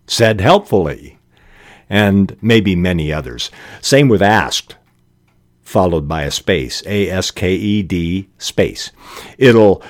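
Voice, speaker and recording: A man hosting a podcast, giving measured, scripted advice on writing with occasional restarts. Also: on the low side, no echo, clean studio sound. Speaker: podcast host.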